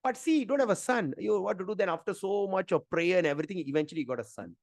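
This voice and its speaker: A man's voice: high voice, lively intonation, very fast, creaky, a little mellow, no room sound, studio quality. A middle-aged man, teaching a scripture class in a chatty, emphatic way. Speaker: Gita teacher.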